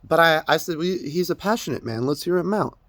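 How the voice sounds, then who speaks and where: A man's voice: fairly high pitch, expressive, brisk, a bit bright, no room sound. A young man making an emotional personal confession to camera, crying as he talks, stammering and swearing as he rambles. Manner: rambling, stammering, profane, tearful. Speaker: vlogger.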